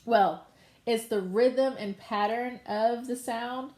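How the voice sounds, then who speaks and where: Mellow-voiced woman teacher, echoey room. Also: on the high side, fairly even intonation, slow. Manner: patient, conversational explaining with demonstrations. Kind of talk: online lesson on voiceover delivery.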